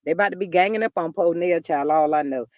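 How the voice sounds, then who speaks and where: A woman's voice: fairly low pitch, fast talker, no room sound, highs cut off. A woman hosting a casual gossip livestream, reading viewer comments in a chatty, drawling way and calling everyone "child.". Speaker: livestream host reading chat. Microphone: livestream computer mic.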